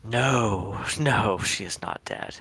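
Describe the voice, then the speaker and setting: Brief: male player, lowish voice with a sharp bright edge, thoughtful and formal in character. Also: slow, creaky, slightly rough, dry recording. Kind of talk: casual tabletop role-play.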